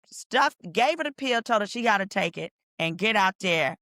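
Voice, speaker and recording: A woman attorney, a podcast guest, telling stories in a lively way and acting out the quotes she retells. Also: mid-range voice, moderate pace, no echo, clean studio sound. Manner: animated storyteller, acts out quotes. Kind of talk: casual podcast interview.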